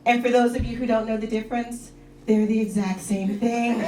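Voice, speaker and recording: A woman performing a stand-up comedy set, telling deadpan dark jokes and talking to the crowd on a club stage. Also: on the high side, moderate pace, slight background noise. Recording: echoey club, mic heard from a distance.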